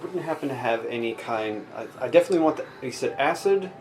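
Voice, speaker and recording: A man playing his character in a tabletop game, halting and stammering. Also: mid-range voice, expressive, over music. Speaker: player. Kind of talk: tabletop role-play in character.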